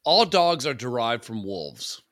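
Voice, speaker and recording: A man's voice: mid-range voice, a little slow, no room sound, studio quality. A man from Southern Illinois co-hosting a podcast, bantering casually and swearing freely. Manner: lively, profane banter. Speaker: podcast co-host. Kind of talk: casual chat.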